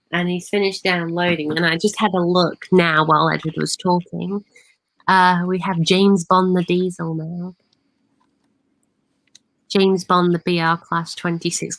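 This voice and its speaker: Low-voiced woman hosting a stream. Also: a bit bright, no echo, low-quality recording. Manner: greets viewers, chatty. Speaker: livestream host. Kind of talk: casual stream chat.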